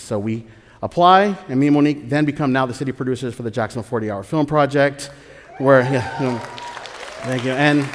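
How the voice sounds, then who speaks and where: A man telling his own story live on a theater stage, animated and excitable, often laughing as he talks. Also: mid-range voice, a little fast, some chatter behind, slight background noise. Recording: reverberant live theater hall.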